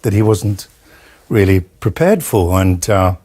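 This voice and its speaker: A man from Wales, an actor telling a halting, warm anecdote as a guest on a live broadcast, with many fillers and restarts. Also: deep voice, animated, breathy edge.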